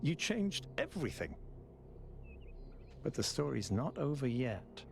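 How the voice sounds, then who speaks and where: An actor voicing an earnest, thoughtful male robot mayor in a video game, speaking in a measured, reflective way. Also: mid-range voice, sing-song, vocal fry, a little hiss or hum. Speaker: game character. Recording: game music behind.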